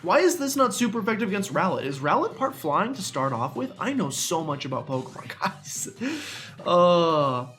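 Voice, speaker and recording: A man's voice: high voice, very animated, normal speed, fairly bright tone. A young man commenting on a video game playthrough in a chatty, self-mocking way, often talking straight to the game. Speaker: gaming YouTuber. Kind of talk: let's play commentary.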